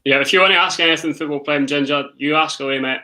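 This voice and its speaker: Man, bright forceful voice, co-host, playful casual banter. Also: fairly high pitch, racing, poor audio. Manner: jokey, playful.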